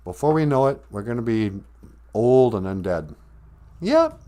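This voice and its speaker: A man in his fifties with a Minnesotan accent hosts a casual comedy podcast. He talks playfully, laughs easily and stretches words out. His pitch moves around freely. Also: sing-song, warm tone. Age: 50s. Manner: playful, laughing, drawls phrases out slowly. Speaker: podcast host.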